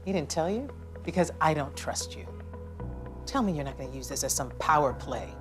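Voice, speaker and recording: An actress playing a firm, commanding woman who heads a law firm, speaking in a measured way. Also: low voice, lively intonation, over music. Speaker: managing partner. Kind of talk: TV drama acting.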